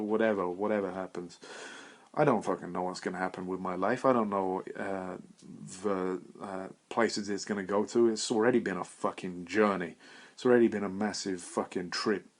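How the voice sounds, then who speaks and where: Young guy, solo podcast rant, meandering and foul-mouthed, self-mocking. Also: fairly low pitch. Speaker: podcast host. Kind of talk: rambling solo monologue.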